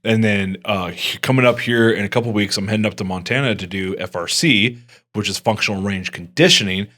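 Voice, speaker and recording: A man's voice: on the low side, a little fast, a bit bright. A man co-hosting a podcast who works as a fitness coach, talking in easygoing, joking casual chat.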